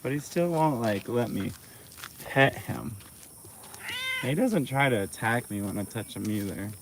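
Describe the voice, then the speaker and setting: Farm vlogger on a phone live stream, unhurried, mid-pitched, coaxes animals outdoors over steady background noise. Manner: coaxing, soft-spoken with the animals. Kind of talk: casual chat while feeding animals.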